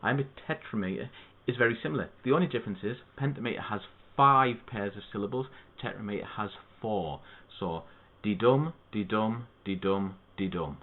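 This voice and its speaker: A man tutoring students through a poem, explaining it in a steady, methodical way. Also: lowish voice, brisk. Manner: steady, methodical teaching with spoken asides. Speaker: English literature tutor. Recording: tinny phone-like audio.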